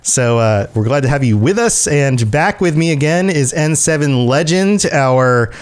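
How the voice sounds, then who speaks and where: A man's voice: fairly high pitch, lively intonation, measured pace. Joking male podcast host. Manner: jokey, laughs often, fond of silly accents. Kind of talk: casual podcast chat.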